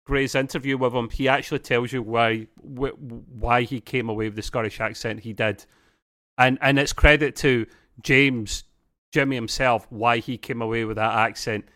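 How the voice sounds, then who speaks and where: Male podcast co-host, mid pitch, chatty and teasing, dry close mic. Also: steady tone, fairly bright tone, no echo. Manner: chatty, teasing, quick to laugh along. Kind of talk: casual podcast chat.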